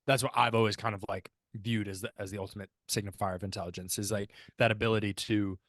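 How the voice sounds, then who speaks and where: Low-voiced man musing on a podcast. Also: flat delivery, fast, fairly bright tone, no echo. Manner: thoughtful, rambling with restarts and fillers. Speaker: podcast co-host. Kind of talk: casual discussion podcast.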